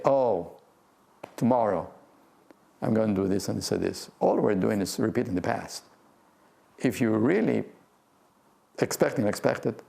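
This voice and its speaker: An older man, a physics professor, gives a gentle, playful guided talk on breath meditation and laughs often. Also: lowish voice, gravelly. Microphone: video talk to a remote audience.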